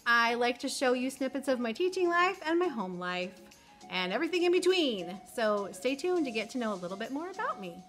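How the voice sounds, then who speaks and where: Chatty teacher lady, kinda high bright voice, tells it like it is, faint music underneath. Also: big pitch swings, brisk. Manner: chatty, candid, sentimental. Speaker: teacher vlogger. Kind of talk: casual get-to-know-me chat.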